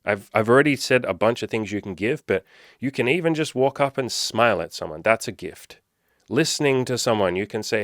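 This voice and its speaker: A man's voice: medium pitch, very animated, fairly quick, dry recording, clean studio sound. A man, a dating coach, talking casually to his viewers in an earnest, encouraging way, repeating his points and swearing now and then.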